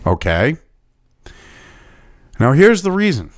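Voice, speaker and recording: Fired up guy from new hampshire cussing through a rant, kinda high voice. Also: wildly swooping pitch, takes it slowly, no echo. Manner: angry, sarcastic, profanity-laden. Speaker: political commentator. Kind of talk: profane ranting commentary.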